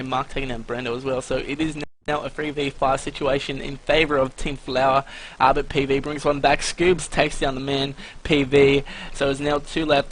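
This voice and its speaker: A man calling a live shooter match with quick asides, small jokes and self-corrections. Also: medium pitch, fairly bright tone, a little hiss or hum, rough recording. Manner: chatty, joking, corrects himself. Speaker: esports commentator. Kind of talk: live esports play-by-play commentary.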